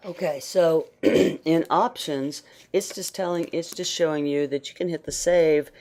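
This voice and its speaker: Woman teaching software, allergy-worn voice. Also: deep voice, measured pace. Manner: relaxed, conversational, many fillers and restarts. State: allergies, voice going in and out. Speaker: computer skills instructor. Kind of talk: screen-share software tutorial.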